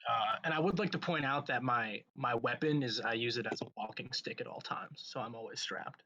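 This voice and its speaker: Bright-voiced joking player, a man. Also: medium pitch, muffled recording. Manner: jokey, laid-back, deliberate. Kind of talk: casual tabletop play.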